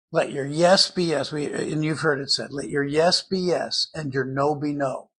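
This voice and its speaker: An older man preaching a sermon in an earnest, conversational Bible-teaching manner, with a husky voice. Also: medium pitch, a little slow, fairly bright tone.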